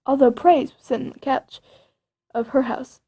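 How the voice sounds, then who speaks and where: Woman storyteller, high and husky, slow rambling spooky tale. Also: dark tone. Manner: rambling, dramatic with creepy asides.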